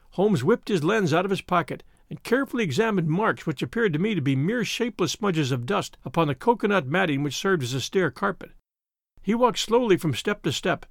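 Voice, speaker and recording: Male narrator, high lively voice, dramatic reading, dry close sound. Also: vocal fry, dry recording. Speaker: audiobook narrator. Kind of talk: scripted narration.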